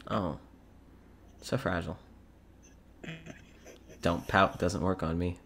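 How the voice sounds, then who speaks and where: A woman playing a gruff fatherly man, dry and teasing. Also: very deep voice, fairly even intonation, takes it slowly, fairly bright tone, a little hiss or hum, exaggerated voice. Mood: wry. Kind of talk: live tabletop role-play.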